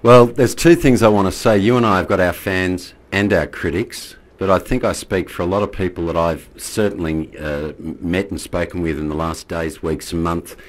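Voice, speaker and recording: A man's voice: deep voice, moderate pace, few pauses. A man hosting a live radio show with a formal broadcaster's delivery. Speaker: radio host.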